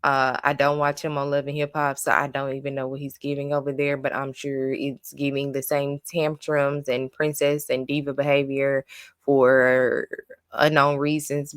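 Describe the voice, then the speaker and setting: A woman's voice: rumbling low, no echo, studio quality. A woman giving a casual recap and review of a reality show, blunt and opinionated, venting her exasperation.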